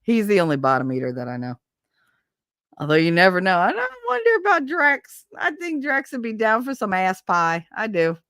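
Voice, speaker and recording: A woman's voice: fairly low pitch, lively intonation, fairly quick, fairly bright tone, no room sound, clean studio sound. A woman livestreaming on her own channel, chatting casually in a blunt, profane, rambling way. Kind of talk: casual stream chat. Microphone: desk microphone.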